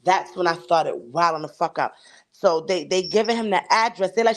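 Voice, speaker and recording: A woman's voice: fairly low pitch, moderate pace. A woman co-hosting a casual chat show, telling a story at length with heavy swearing and acting out the dialogue. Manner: profane and emphatic, acts out quoted dialogue. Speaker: podcast co-host.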